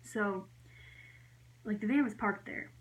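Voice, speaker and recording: Young woman vlogger, casual storytime, rambly, animated, heavy "like" fillers. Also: slow pace, low-quality recording. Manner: animated, jumping high when acting out her own reactions.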